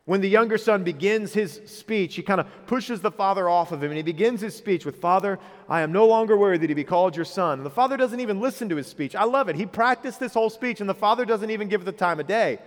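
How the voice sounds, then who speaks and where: Speaking fast with few pauses, a man in his thirties preaches as a pastor in a high voice. The hall is reverberant, and his earnest tone builds in emphasis when he retells the story.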